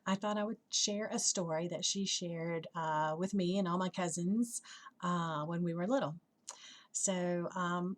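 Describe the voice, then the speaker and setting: A woman telling a children's story at church, gentle and expressive, dropping to a whisper at times. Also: fairly low pitch.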